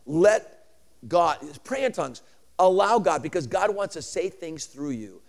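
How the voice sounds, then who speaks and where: High, animated man preaching. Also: unhurried, creaky. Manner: animated, swings from shouting to hushed; laughs between points. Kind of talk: sermon.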